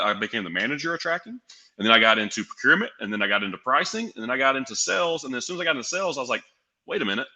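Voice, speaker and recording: A young man from Tennessee tells a long story as a podcast guest. His voice is strikingly bright and forward. He plays out each exchange with lively quoted dialogue. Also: on the low side. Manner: animated, acts out quoted dialogue. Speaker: guest, pro wrestler and sales executive.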